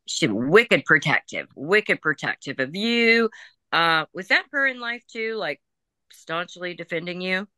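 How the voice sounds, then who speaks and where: A woman working as a psychic medium in a group reading, chatting casually, laughing and passing on messages in quick, informal speech. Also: on the low side, very animated, bright, forceful tone, no room sound. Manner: chatty, laughing, relays messages in quoted voices.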